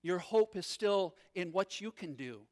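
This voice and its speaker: A man voicing a calm, grave male teacher who rebukes his followers in a hushed, low tone, slowly, within a sermon.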